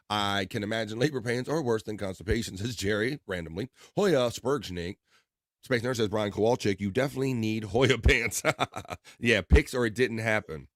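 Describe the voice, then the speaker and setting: A man's voice: lowish voice, no room sound, studio quality. A man hosting a livestream, reading viewers' chat messages aloud in an upbeat, playful way and riffing on their names. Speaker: livestream host.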